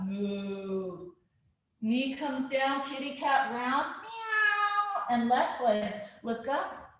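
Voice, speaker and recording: A woman guiding a children's yoga class, playful and encouraging, making animal sounds along the way. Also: sits high. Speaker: kids yoga teacher. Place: live virtual class. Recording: very echoey room.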